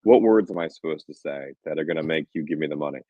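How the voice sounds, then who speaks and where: A man with a deep, low voice chats as a film director in an interview. He tells animated stories, acting out the quotes and laughing often. The sound is dry and a bit dull, like a modest lo-fi setup. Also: fast talker, dry recording. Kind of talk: casual interview talk.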